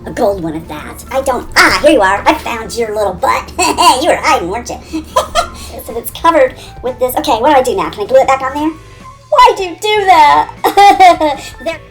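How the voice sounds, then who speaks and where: A woman's voice: a little high, expressive, a little fast, faint music behind. A woman beauty vlogger chattering playfully to herself and her products, giggling often. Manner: giggly, talks to herself and objects.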